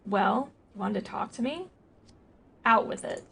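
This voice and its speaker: Bitter widow on a ship, tearful outbursts, read by a woman, heavy vocal fry. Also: a little high, animated, unhurried, a bit bright, full character voice. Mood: shaken. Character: grieving, hostile young widow on a ship.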